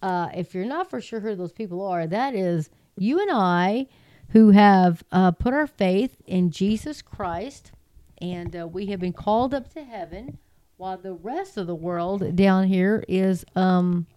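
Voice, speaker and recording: A woman's voice: medium pitch, a little slow, clean tone, dry recording, dull audio. A middle-aged woman with a handheld mic, chatting in a folksy, casual way to listeners and reading scripture aloud. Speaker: online Bible teacher. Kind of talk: casual livestream Bible talk and scripture reading.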